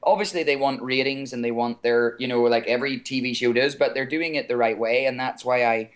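A man's voice: mid-range voice, fairly even intonation. Easygoing Irish man, chuckling chat. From Ireland. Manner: easygoing, chuckling, with frequent filler pauses. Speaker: guest singer. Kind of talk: casual call-in chat.

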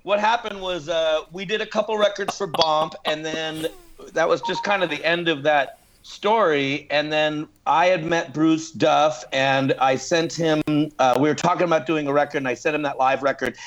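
Animated storytelling man, slightly muffled. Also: fairly high pitch, normal speed. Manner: animated storyteller acting out quotes. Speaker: guest musician in a punk band. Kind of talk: casual interview storytelling.

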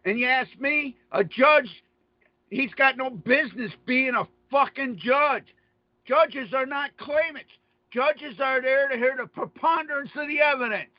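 A man's voice: very high voice, measured pace, no echo. A man hosting a radio show, delivering a profane, sneering, combative rant. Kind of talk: ranting monologue. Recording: dull lo-fi dry audio.

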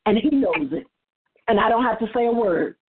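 Woman panelist, earnest church testimony, higher voice, tinny phone line. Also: expressive, brisk, breathy edge. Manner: earnest, repeats words when starting a thought. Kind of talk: casual church discussion and personal testimony.

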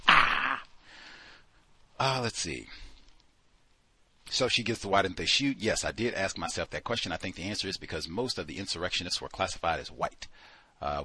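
A man hosting a book club discussion, reading passages aloud and commenting on them in an animated, exclaiming way. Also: low voice, breathy edge, no echo.

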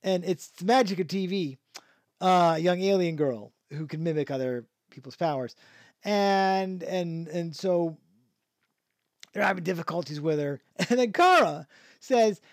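A male podcast host with a voice that sits high speaks a little slowly as he rambles through a casual show review, restarting often and chuckling frequently. Studio quality, no echo.

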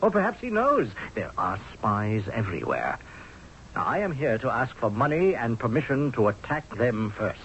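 An actor playing an exasperated, sardonic army general in a radio drama, speaking forcefully. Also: male voice, mid-range voice, sing-song, normal speed, a little hiss or hum. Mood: pleading. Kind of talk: 1970s radio drama acting. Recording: dull lo-fi old radio broadcast.

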